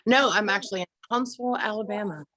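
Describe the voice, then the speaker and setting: A woman from Atlanta with a general American accent, telling her story as a guest in a casual interview, quick and talkative with many fillers. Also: mid-range voice, sharp tone. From Atlanta, Georgia, US. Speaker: guest, film director and actress.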